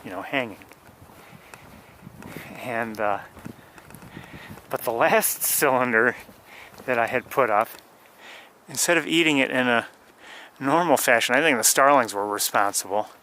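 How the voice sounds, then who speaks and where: A man's voice: mid-range voice, measured pace, long pauses, bright, forceful tone, poor audio. A man narrating casually while walking wet outdoor trails in light rain, rambling with many fillers and restarts as he guides a birding tour.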